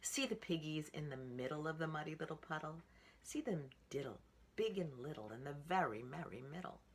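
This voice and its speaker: A woman's voice: low-pitched, expressive, moderate pace, breathy edge. A woman reading a children's picture book aloud in a rhythmic, singsong way. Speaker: storytime reader.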